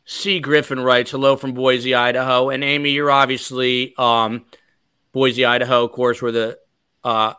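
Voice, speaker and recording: A man's voice: medium pitch, sharp tone, clean tone, no room sound. A man hosting a podcast livestream, chatting casually and reading viewer comments aloud. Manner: chatty, reads comments aloud, many fillers. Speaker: podcast host.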